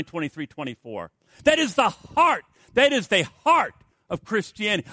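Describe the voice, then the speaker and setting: A man's voice: high voice, very animated, moderate pace, no echo, studio quality. Dramatic male preacher with swinging volume. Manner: dramatic swings from loud exclamations to hushed near-whispers; acts out quoted dialogue. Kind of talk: sermon with storytelling.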